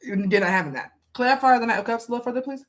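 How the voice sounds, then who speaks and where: A woman's voice: fairly high pitch, very fast, a little hiss or hum. A woman reading tarot cards for a viewer in a casual, chatty way, asking the cards questions aloud and speaking with emphasis. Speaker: tarot reader.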